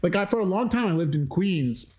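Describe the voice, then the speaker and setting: A man in his thirties from the Midwest, co-hosting a podcast and chatting casually, telling lively stories and acting out other people's voices. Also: brisk. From American Midwest. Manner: animated storyteller, acts out other people's voices with big pitch jumps. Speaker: podcast co-host. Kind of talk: casual chat.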